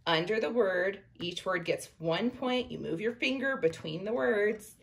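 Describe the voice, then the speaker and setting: A woman's voice: mid-range voice, lively intonation, gravelly. A woman teacher giving a reading lesson to young children, reading a book aloud word by word in an encouraging way. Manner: encouraging, slow read-aloud pointing at each word.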